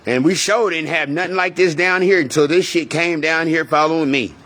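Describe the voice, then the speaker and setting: A man's voice: on the high side, brisk, a bit bright. A man from Texas with a Texan accent, telling a story to viewers in a heated, rambling, profane way and often repeating himself.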